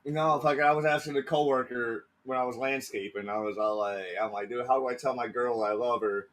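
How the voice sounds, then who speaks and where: A man's voice: medium pitch, steady tone, a little fast, a bit bright, low-quality recording. A man co-hosting a podcast, swearing a lot and laughing often while he tells loose workplace stories. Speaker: podcast co-host. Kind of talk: casual crude banter.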